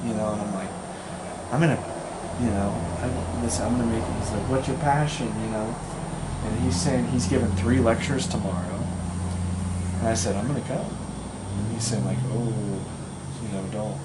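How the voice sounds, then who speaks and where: A man's voice: medium pitch, moderate pace. A young man casually telling a long story, full of fillers and acted-out quotes. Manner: rambling, full of fillers, acts out quoted voices. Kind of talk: casual anecdote. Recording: echoey room with loud background noise.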